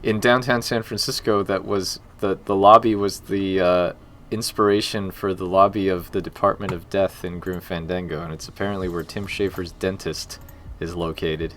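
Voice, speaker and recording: A man's voice: low voice, fairly even intonation, normal speed, hardly any pauses, fairly bright tone, slight background noise. A man in his forties chatting casually on a live stream while he works on a game, rambling with jokey asides and muttering to himself as he goes.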